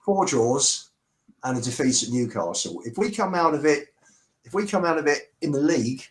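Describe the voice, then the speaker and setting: A man on a fan podcast panel, calmly listing match predictions in casual football talk. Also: fairly high pitch, moderate pace, rough recording.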